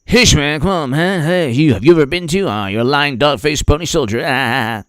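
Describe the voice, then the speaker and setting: A man's voice: on the high side, normal speed, a bit bright, clear, resonant tone, no echo, studio quality, close to an everyday voice. A man doing an impression of a flustered older male politician who mumbles and snaps at a questioner.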